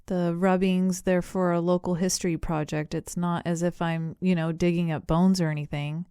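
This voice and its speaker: Woman doing a breezy, affable English gentleman. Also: fairly low pitch, little pitch movement, moderate pace, clear, resonant tone, no room sound, studio quality, close to an everyday voice. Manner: breezy, polite, rambling with ums. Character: affable, chatty middle-aged English gentleman.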